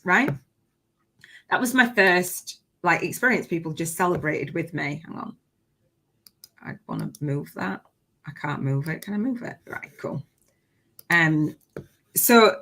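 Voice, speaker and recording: A woman chatting casually on her live stream as a business coach, excitable and talkative, breaking into bursts of cheering. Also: lowish voice. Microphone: webcam setup with ring light.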